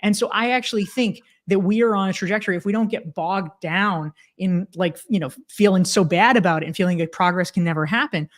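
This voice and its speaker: A woman in her forties talks through her views in a relaxed interview. Her voice sits in the middle range, and she sounds emphatic and animated, piling up fillers and restarting her sentences. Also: medium pitch, brisk, few pauses. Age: 40s. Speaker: podcast guest, author. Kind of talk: casual conversational interview.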